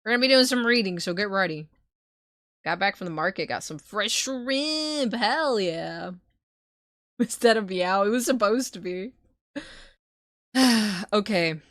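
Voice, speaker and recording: A woman streamer, not a native English speaker, talks casually to her chat with frequent laughs and swearing. Her voice sits in a middle pitch, recorded close and dry with little room sound. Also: lively intonation, measured pace, long pauses, a bit bright, no echo. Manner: loose, swearing, laughs often. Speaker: streamer reading a book aloud.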